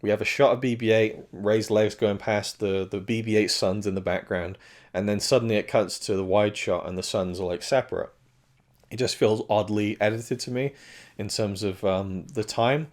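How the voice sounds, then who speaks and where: A man's voice: lowish voice, fairly even intonation, normal speed. A man reviewing a film in casual talk. His voice is strained and cracking, and he rambles with frequent restarts and self-corrections.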